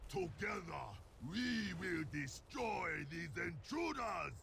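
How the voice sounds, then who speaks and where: A man's voice: sits high, sing-song, takes it slowly, creaky, a bit bright, exaggerated voice. An actor playing an arrogant male warrior boss in a game, who commands a serpent with scornful battle cries. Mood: commanding. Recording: game audio with background noise.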